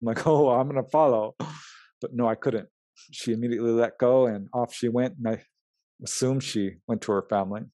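A man's voice: medium pitch, a little fast, no echo. A man, a researcher and writer, telling his experiences in an interview, acting out the dialogue with laughs. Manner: animated, acts out quoted dialogue with laughs. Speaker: guest, UFO researcher and writer. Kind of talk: storytelling in an interview.

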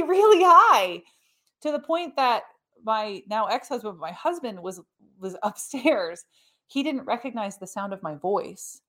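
A middle-aged woman hosting a podcast, explaining ideas in a lively, conversational teaching manner with asides. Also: mid-range voice. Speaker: podcast host.

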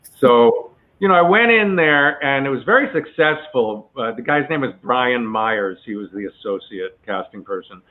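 A man tells a long anecdote in a relaxed interview, chatty and full of asides. His voice sits at a middle pitch. The sound is narrow and tinny, like a phone line. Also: moderate pace. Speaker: actor guest telling a story.

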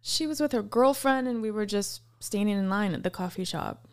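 Telling stories with frequent laughter, a podcast co-host chats casually. Her medium-pitched voice is clear and resonant, and she speaks a little fast.

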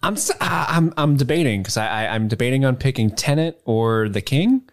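A man's voice: mid-range voice, animated, fairly quick. A man co-hosting a casual movie podcast, wry and hesitant, often restarting his sentences. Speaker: podcast co-host. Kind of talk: casual chat.

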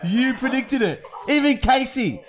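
High lively Aussie co-host. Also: male voice, a little slow. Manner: teasing, laughing along. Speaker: podcast co-host. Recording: noisy crowd behind.

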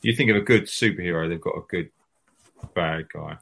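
A man's voice: low-pitched, a little fast, creaky, fairly bright tone. A man in casual chat, making dry sarcastic jabs.

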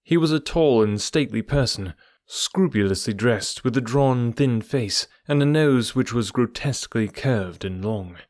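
A man narrating an audiobook in a steady, even storytelling manner. His voice sits in a middle pitch and is recorded dry and close, with no room sound. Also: measured pace, no room sound. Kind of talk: scripted narration.

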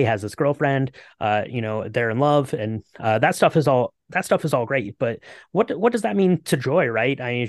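A man's voice: medium pitch, no echo. Man podcast co-host, rambling casual chat, lots of fillers, dry close sound. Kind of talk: casual movie discussion.

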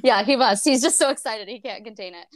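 A woman's voice: on the high side, quick pace. A woman co-hosting a podcast in a casual book chat, laughing often and swearing freely. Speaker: podcast co-host.

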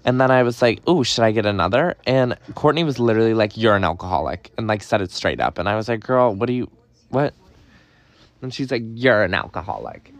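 A man's voice: medium pitch, a little fast, dry recording. A young man telling a story in a casual, gossipy way, swearing and dramatic. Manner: gossipy, profane, dramatic retelling. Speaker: podcast host.

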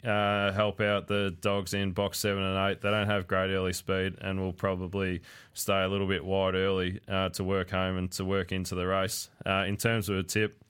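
Deep, smooth-voiced laid-back Australian man. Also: completely flat delivery, a bit bright. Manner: laid-back, drawn-out with many fillers. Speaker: greyhound racing tipster. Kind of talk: casual podcast chat.

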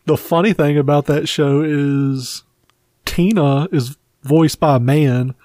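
A man's voice: on the high side, fairly even intonation, measured pace, a little mellow, dry recording. A man co-hosting a podcast who tells crude, joking stories in casual chat. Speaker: podcast co-host.

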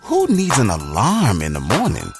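Slow gravelly ad voice over loud music. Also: medium pitch, wildly swooping pitch. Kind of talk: radio ad.

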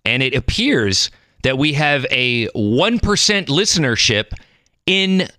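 A man's voice: medium pitch, animated, slow pace, bright, forceful tone, dry recording, clean studio sound. A man hosting a comedy podcast, talking wryly and mocking himself. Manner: self-mocking, wry. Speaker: podcast host.

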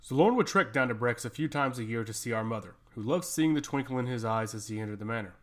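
A man's voice: mid-range voice, lively intonation, quick pace. Man reading a fantasy story aloud. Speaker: narrator.

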